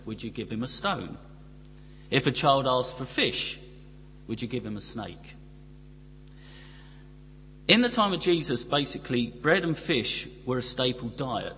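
A man's voice: medium pitch, fairly bright tone. Middle-aged male preacher, sermon delivery, rhetorical questions, reverberant church hall with faint hum.

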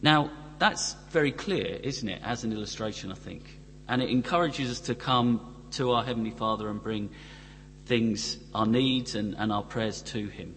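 Preacher with a long hall echo. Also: male voice, on the low side, moderate pace, a bit bright. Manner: rhetorical questions to the congregation. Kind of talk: sermon. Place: church. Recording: long reverb from a church hall, faint hum.

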